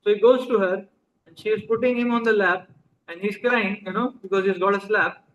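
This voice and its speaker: Speaking to a live crowd, this Indian-accented man preaches in a chatty way, frequently questioning the audience and mixing in Hindi. His voice sits high, fairly quick and fairly bright, with fairly even intonation, though the recording sounds muffled. He is a spiritual teacher.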